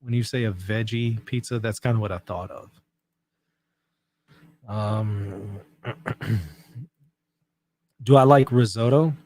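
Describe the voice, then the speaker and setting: A man hosting a livestream, reading out viewer comments in relaxed, self-mocking chat and laughing often. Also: fairly low pitch, slow, long pauses, a little hiss or hum. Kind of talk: casual chat.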